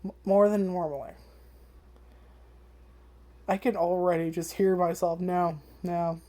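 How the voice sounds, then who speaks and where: A woman's voice: fairly low pitch, fairly even intonation, measured pace, mellow. A woman vlogger chatting casually about an anime, rambling with lots of fillers and freely swearing. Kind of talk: casual first-impressions chat.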